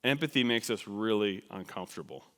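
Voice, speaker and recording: A man from New Jersey preaches in a conversational, animated way and pokes fun at himself. His voice is smooth and clear, sitting at a middle pitch. Long reverb from the church sanctuary rings behind each phrase. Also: fairly quick. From New Jersey, USA. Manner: conversational, animated, self-deprecating. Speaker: missions speaker. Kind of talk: sermon.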